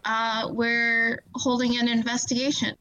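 A woman's voice: on the high side, monotone, a little slow, bright, forceful tone, muffled recording. A woman playing in a tabletop game podcast, talking hesitantly and stumbling over her words. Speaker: player. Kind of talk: casual tabletop role-play.

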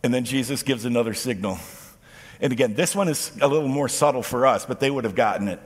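A man preaching a sermon as pastor, animated and expressive, acting out quoted lines as he speaks. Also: mid-range voice, fast talker, breathy edge, big-room sound.

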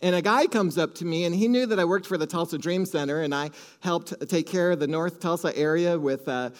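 Man, pastor, Minnesota accent, high voice, animated sermon story. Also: brisk. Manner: animated storytelling with acted-out quotes and laughs.

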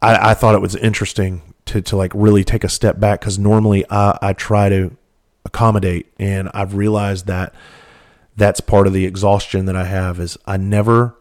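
A middle-aged man with a fairly low voice hosts his podcast solo. He spins a long story in a loose, candid way, swearing freely and doubling back on his words. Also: flat delivery, moderate pace. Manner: candid, profane, rambling with restarts. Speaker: podcast host. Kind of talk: casual storytelling monologue.

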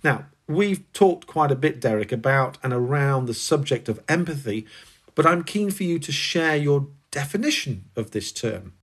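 A male podcast host asking measured, formal interview questions. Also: medium pitch, lively intonation, fairly bright tone, slightly rough.

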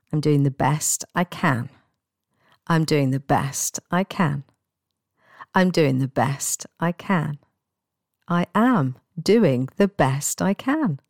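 A woman giving a guided self-help talk as a wellbeing coach, speaking in a gentle, encouraging and reassuring way. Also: sits low, clean tone, dry recording, studio quality.

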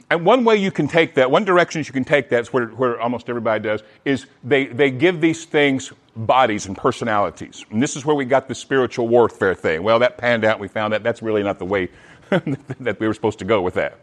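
A man preaching a sermon in an animated way, often restarting his words. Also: mid-range voice, a little fast. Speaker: pastor.

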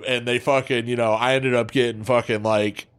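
A man spins a crude, lively tale for his podcast co-hosts, dropping curses into nearly every phrase. His voice sits in a middle register and gets animated at the high points. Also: moderate pace, smooth. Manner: profane, animated, swears constantly. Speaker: podcast co-host. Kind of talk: casual storytelling.

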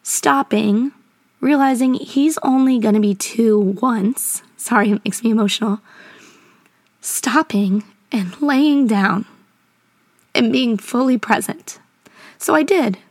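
A woman hosts her podcast in an earnest, encouraging tone. She is recorded from a small closet at home, so her voice sounds dry and close, with no room echo. Her pitch sits at an ordinary middle. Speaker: educator and podcast host. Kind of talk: casual advice podcast.

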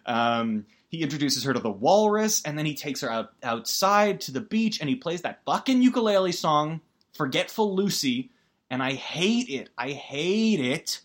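A man's voice: on the high side, big pitch swings, moderate pace. Rambling man recapping a movie. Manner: rambling, lots of fillers, emotional, sarcastic.

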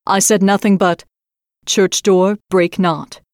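A woman voicing a humble young maiden in a storybook reading, speaking in a plain, calm, earnest way. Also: medium pitch, slow, dry recording, studio quality, natural voice.

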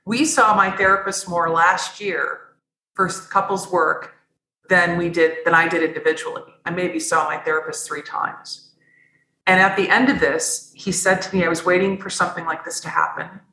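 A woman's voice: fairly low pitch, steady tone, normal speed, pushed and bright, roomy sound, poor audio. A woman guest on a podcast, telling her own story candidly and earnestly, often restarting her sentences. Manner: earnest, rambling, frequent restarts.

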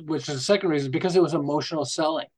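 Older man, from Canada, higher pitch, rambling storyteller, podcast guest. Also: very fast. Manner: rambling, animated anecdotes with restarts. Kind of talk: casual interview storytelling.

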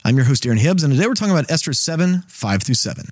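A man hosting a Bible study podcast, retelling the passage in a casual, animated way with quick asides. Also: a little high.

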